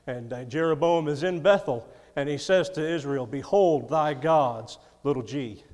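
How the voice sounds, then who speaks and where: A man's voice: a little high, normal speed, a little mellow, long reverb tail. A man preaching a sermon, reading scripture and adding folksy, chuckling asides. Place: church.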